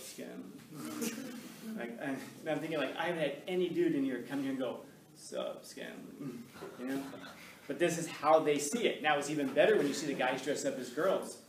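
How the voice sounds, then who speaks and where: A man teaches from the front of a roomy, echoing classroom, and the camera sits well back from him. A steady hiss runs under his voice. His talk rambles and jokes, and he acts out the voices of the people he quotes. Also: mid-range voice. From Los Angeles. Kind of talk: classroom lecture. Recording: distant echoey classroom with noise.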